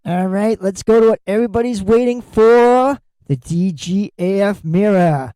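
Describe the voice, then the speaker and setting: Blunt mellow-voiced man hosting a podcast. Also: sits high, normal speed, few pauses, smooth, no room sound, rough recording. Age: middle-aged. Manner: blunt, candid, swears freely. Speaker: podcast host. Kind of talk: solo podcast monologue.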